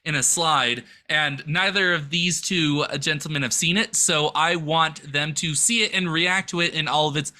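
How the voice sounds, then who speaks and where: A man co-hosting a casual comedy podcast, giggly and animated, rambling loosely with lots of fillers. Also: a little high, moderate pace, hardly any pauses. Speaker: podcast co-host.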